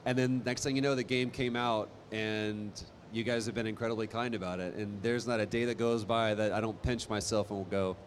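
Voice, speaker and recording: A man speaking as a guest on a convention panel, telling stories in a lively, animated way with quick asides. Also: on the low side, a little hiss or hum. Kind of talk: casual panel talk. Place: convention hall stage.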